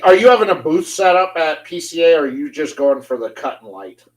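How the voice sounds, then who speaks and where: Brief: easygoing male host, teasing banter, slightly higher voice. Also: lively intonation, a little fast, low-quality recording. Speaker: show host. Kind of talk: casual interview chat.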